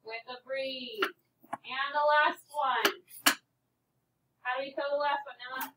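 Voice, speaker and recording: A woman teacher with a high voice leads a phonics lesson for young children. She asks patient questions and calls on pupils by name. Her voice rings through an echoey classroom, picked up from some distance away. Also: fairly even intonation, slow pace. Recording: echoey classroom, voice from off-mic, faint noise.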